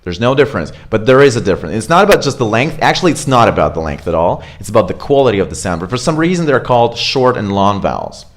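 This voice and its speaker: A man, coaching pronunciation in a relaxed, chatty way. He models words slowly one by one and keeps asking "right?" to check that his listeners follow. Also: fairly low pitch. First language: Russian. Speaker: accent coach. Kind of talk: casual pronunciation lesson.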